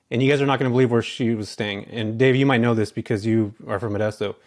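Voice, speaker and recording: A man's voice: medium pitch, steady tone, fast, hardly any pauses. A man as a podcast guest, telling his story casually and animatedly, acting out bits of dialogue between lots of filler words.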